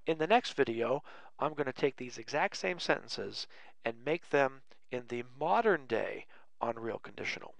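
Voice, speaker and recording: A man teaching an English grammar lesson, slowly dictating example sentences word by word, with light self-mocking humor. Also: mid-range voice, expressive, creaky, no room sound. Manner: slow, deliberate word-by-word dictation.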